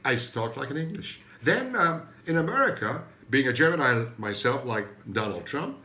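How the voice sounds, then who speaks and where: Comic man, rambling self-mocking monologue, very animated pitch, roomy echo at home. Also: a little fast, hardly any pauses. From Turkey. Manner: digressive, self-mocking, jokey asides. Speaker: comedy host.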